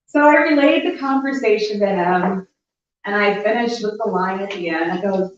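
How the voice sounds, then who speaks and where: A middle-aged woman telling a funny personal story at a live story slam, animated and laughing as she goes. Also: mid-range voice, a little fast. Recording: echoey, distant, dull live room recording.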